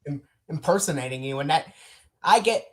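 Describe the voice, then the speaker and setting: A woman's voice: sits low, expressive, moderate pace, darkish tone. A woman chatting sympathetically as a guest on a casual stream.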